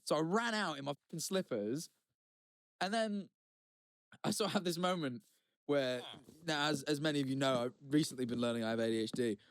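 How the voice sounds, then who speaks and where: A man's voice: a little high, brisk, no room sound, clean studio sound. A man co-hosting a podcast, telling a story in casual chat, swearing freely with rambling asides and restarts. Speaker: podcast co-host.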